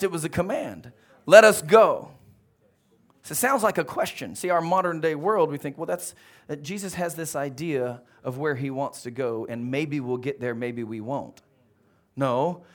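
Animated preacher quizzing his congregation. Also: fairly high pitch, moderate pace. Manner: animated, calls out questions to the congregation. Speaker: pastor. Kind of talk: sermon.

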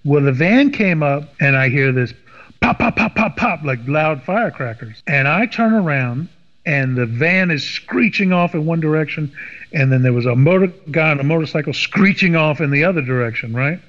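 Animated storytelling man, slightly high voice. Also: normal speed. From Washington, D.C. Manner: animated, acts out quoted voices. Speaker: podcast guest. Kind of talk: casual storytelling. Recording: dull lo-fi sound with long reverb.

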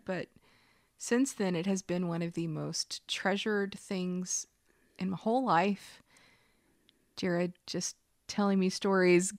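Female co-host, mid pitch; chatty storyteller who laughs easily; dry recording. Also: no room sound. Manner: warm storytelling, laughs often. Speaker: podcast co-host. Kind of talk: casual chat.

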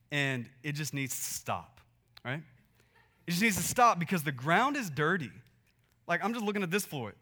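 A young man preaches with a bright, forceful tone that sits a little higher than most men's. He talks to the congregation casually, then turns hushed and earnest before climbing back to loud, animated bursts. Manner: conversational, swings from quiet earnest to loud animated. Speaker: pastor. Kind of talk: sermon.

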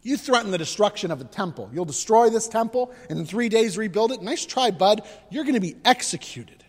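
Lively high-voiced man preaching. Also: fairly quick, big-room sound. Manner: conversational, animated preaching with rhetorical questions. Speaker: pastor. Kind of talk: sermon.

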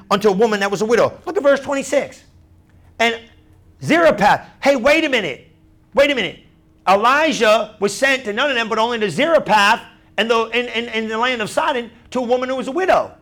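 High-voiced man preaching animatedly. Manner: animated, conversational, acts out crowd voices; repeats phrases, asks "you understand?". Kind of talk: sermon.

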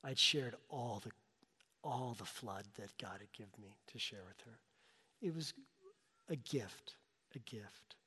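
A man's voice: medium pitch, measured pace, long pauses, pushed and bright, breathy edge. A middle-aged male pastor preaching a sermon, telling a personal story with rising and falling emotional intensity. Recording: long reverb of a large hall.

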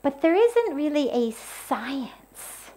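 A woman giving a spiritual talk on the power of sound, speaking deliberately and using everyday examples. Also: high voice, big pitch swings, mellow. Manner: slow, deliberate, with spoken examples. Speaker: spiritual teacher. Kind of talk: spoken talk on mantras.

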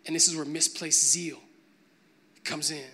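A man's voice: a little high, fairly even intonation, unhurried, gravelly, pushed and bright, slightly rough. A man preaching a sermon, moving from a conversational tone to emphatic, building preaching. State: briefly choked up with emotion.

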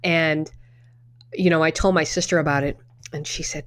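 A middle-aged woman co-hosting a podcast speaks in a deep voice with fairly even intonation and a brisk pace. In a casual chat, she tells personal stories as a chatty storyteller, with lots of restarts and the odd swear word.

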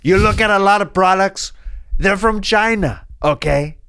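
A man's voice: sits high, unhurried, a bit bright, clean tone, dry recording, studio quality, voice pushed up. A man putting on a pompous, boastful politician who keeps repeating himself. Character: boastful blustering male politician.

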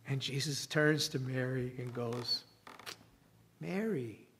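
A man preaching a sermon in a reflective way, with long dramatic pauses. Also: mid-range voice, a little hiss or hum.

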